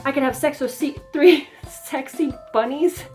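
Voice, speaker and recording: A woman's voice: sits high, measured pace, a little mellow, pitched above the performer's own voice. A carefree, adventurous heroine talks in a breezy, shrugging way, in a raised voice, as a woman acts her out while retelling a book. Faint music sits underneath.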